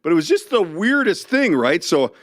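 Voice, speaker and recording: In a casual podcast chat, a middle-aged co-host tells stories with animated energy and frequent laughter. He speaks at a normal pace in a high voice, and the studio-quality recording carries no room sound.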